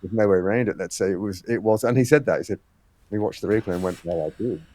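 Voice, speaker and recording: A man's voice: fairly low pitch, quick pace, dark tone. A man being interviewed on a podcast, explaining at length with many fillers and quoted exchanges. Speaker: guest, head of a fitness race series.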